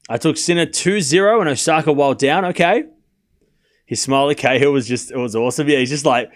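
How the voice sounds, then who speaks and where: A man with a slightly high voice hosts a live tennis watchalong stream at a fairly quick pace. Chatty and often laughing, he calls points and talks casually with his viewers in chat.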